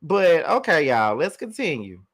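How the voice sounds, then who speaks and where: Animated man reacting in disbelief. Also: a little high, unhurried. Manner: incredulous, chatty, laughs in disbelief. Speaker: commentary channel host. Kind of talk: reaction commentary.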